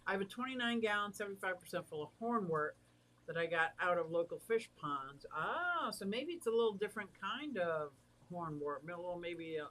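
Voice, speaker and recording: A chatty livestream host who reads viewer comments aloud and answers them, easily excited and warm. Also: mid-range voice, fairly quick. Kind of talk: casual livestream chat.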